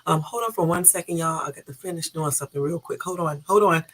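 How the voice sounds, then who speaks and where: A woman's voice: sits low, fast talker. A woman with a Southern US accent hosting a casual early-morning live stream, chatty and loose, in a groggy morning voice. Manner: chatty, loose, talks to chat viewers. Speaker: YouTube live host.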